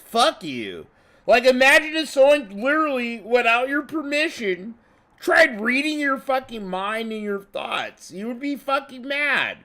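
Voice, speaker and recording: A high-pitched man commenting on a game stream in a profane, excitable, rambling way. His voice swings widely in pitch and sounds bright, yet he talks at an unhurried pace. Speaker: restream commentator. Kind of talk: casual reaction commentary.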